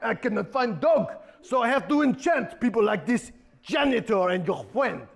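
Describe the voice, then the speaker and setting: A man's voice: high-pitched, big pitch swings, moderate pace, gravelly, heavily acted. A man voicing a pompous villainous diva sorceress, on a theatre stage. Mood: haughty.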